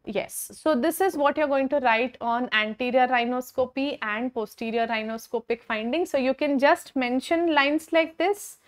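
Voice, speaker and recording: A woman's voice: high voice, moderate pace, hardly any pauses. A young woman with an Indian English accent giving an online exam-prep lecture, encouraging and repeating key points, mixing in Hindi. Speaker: medical lecturer.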